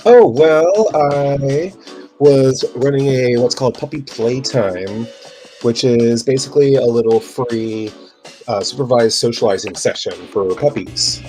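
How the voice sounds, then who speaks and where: A dog trainer telling a rambling, relaxed story in casual chat. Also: mid-range voice, unhurried. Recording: faint background music.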